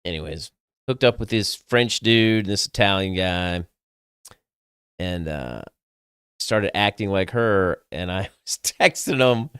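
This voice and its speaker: A man's voice: low-pitched, lively intonation, slow pace, a bit bright, smooth, no room sound, clean studio sound. A young adult man, casually telling a personal story in a candid, crude, self-mocking way, swearing freely. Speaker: podcast host.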